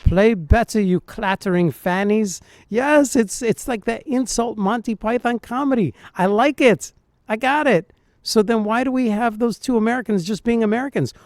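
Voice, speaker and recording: A man, a dialect coach, reacting to film clips and thinking aloud in a puzzled, animated way. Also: very high voice, moderate pace, dry recording, studio quality. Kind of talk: reaction commentary.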